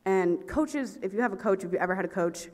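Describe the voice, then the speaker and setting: A woman's voice: medium pitch, quick pace. A teenage girl performing a stand-up comedy set, telling self-mocking stories and acting out her own quoted lines. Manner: animated, self-mocking storytelling with acted-out quotes. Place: stage in a hall with a live audience. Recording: long hall reverb.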